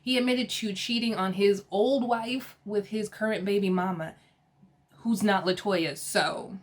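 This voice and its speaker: A woman recapping a reality TV episode in a casual, sassy and animated way, with slang and laughter. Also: mid-range voice, measured pace, slight background noise. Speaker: TV episode reviewer.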